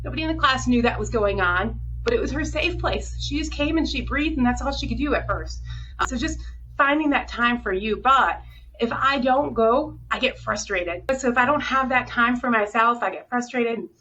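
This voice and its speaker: Speaking at a moderate pace in a higher, bright and forceful voice, a middle-aged hospital director opens up in an interview. She's earnest and emotional, now and then on the verge of tears, captured in dull, distant audio with faint noise.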